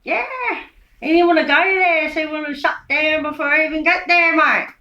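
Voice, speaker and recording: A woman giving a rambling, profane monologue, swinging between loud rants and low mutters. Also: steady tone, normal speed, muffled recording. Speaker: vlogger giving a speech. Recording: echoey room.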